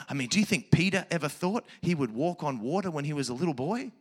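A man's voice: fairly high pitch, expressive, quick pace, hardly any pauses, breathy edge. A man leading a children's church service, speaking with playful, enthusiastic energy from a church stage. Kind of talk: energetic church talk to kids.

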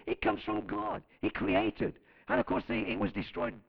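A man's voice: sits high, wildly swooping pitch, moderate pace, creaky, highs cut off. A man preaching a sermon as pastor, fervent and emphatic, calling out to his congregation.

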